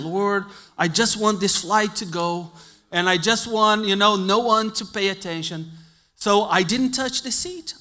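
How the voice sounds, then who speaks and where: A male preacher, not an English speaker, telling a funny travel story in a sermon and acting out the dialogue, swinging between loud outbursts and hushed asides. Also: high voice. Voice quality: non-native English phrasing. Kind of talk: sermon with a humorous personal story.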